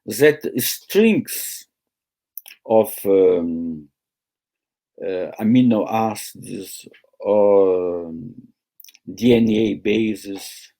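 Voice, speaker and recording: Slow, halting male lecturer. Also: fairly low pitch, a little mellow. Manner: slow, halting, with many pauses and fillers. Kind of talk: academic lecture. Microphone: video call.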